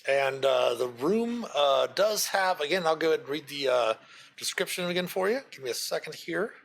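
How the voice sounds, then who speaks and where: A man's voice: a little high, expressive, moderate pace. A man narrating as game master in a loose style full of fillers.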